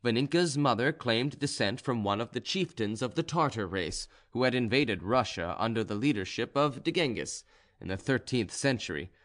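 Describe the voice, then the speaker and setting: A man reading a nineteenth-century crime story aloud at a measured pace. His pitch sits in an ordinary middle range. The delivery is steady and even, as a scripted audiobook narration.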